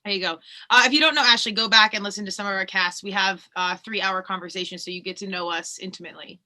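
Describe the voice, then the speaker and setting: A woman from Colorado hosting a podcast, chatting in a bubbly, animated way and laughing easily. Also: medium pitch, fast. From Colorado, USA. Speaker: podcast host. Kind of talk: casual podcast conversation.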